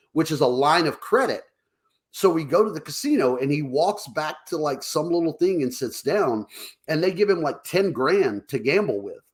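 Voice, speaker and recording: A man co-hosting a casual talk show, telling stories over drinks, acting out quotes in higher voices and laughing often. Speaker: podcast co-host.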